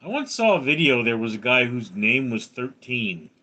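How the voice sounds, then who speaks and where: A man's voice: medium pitch, sing-song, moderate pace, sharp tone, muffled recording. A man in his thirties live streaming, reading out viewers' names and answering them with crude, joking replies. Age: 30s. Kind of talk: casual live-stream chat.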